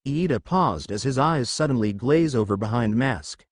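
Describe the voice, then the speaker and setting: A man narrating a fan fiction story in a lively reading voice. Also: mid-range voice, moderate pace, no room sound, studio quality. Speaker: fanfic reader.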